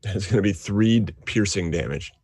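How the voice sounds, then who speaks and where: A man's voice: lowish voice, moderate pace, darkish tone, husky, no echo. A man playing a tabletop game, laid-back and a bit hesitant. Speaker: player.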